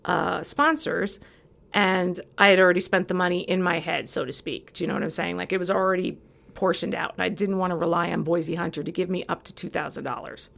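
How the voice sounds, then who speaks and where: A woman's voice: fairly low pitch, steady tone, brisk, vocal fry, a bit bright. A woman from California, a podcast guest, telling a story animatedly and acting out both sides of each exchange. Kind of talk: casual chat.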